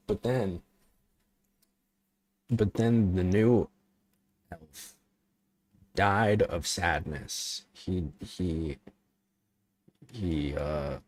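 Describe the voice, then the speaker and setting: A man's voice: low-pitched, a little mellow. A man streaming as a VTuber, chatting playfully with viewers and making up a rambling silly story. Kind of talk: casual livestream chat and improvised bedtime story.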